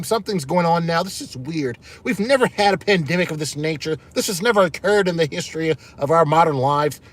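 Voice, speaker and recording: Streaming live on his channel, this man has a high, fairly bright voice. He chats casually but with real emphasis, addressing viewers as y'all and hammering home the same points again and again.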